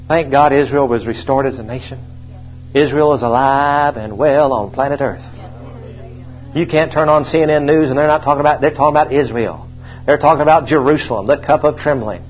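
A man preaching a sermon, emphatic and repetitive, rising to loud proclamations when he reads scripture. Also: a little high, moderate pace, husky. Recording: dull lo-fi sound.

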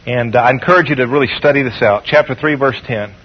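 A male preacher delivers a sermon, guiding his congregation through call-and-response and easing his pace whenever he reads from scripture. His mid-range voice carries a slight roughness, and the audio sounds dull.

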